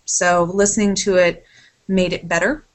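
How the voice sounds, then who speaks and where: A woman's voice: on the low side, little pitch movement, moderate pace. A woman in casual podcast chat, telling a rambling, sidetracked story with casual swearing and a lot of apologizing.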